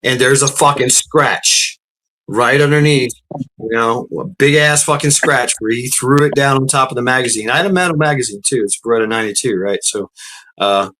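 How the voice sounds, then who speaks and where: A middle-aged man telling a long, profane story in casual chat, stumbling over restarts and acting out quotes in a raised, shouting voice. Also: medium pitch. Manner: profane, rambling, frequent restarts.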